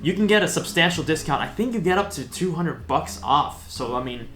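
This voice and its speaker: A man's voice: a little high, lively intonation, brisk, a bit bright, soft background music. Upbeat man hosting a vlog, roomy sound. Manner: upbeat, chatty, self-mocking asides. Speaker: host. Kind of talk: casual vlog. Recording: roomy echo.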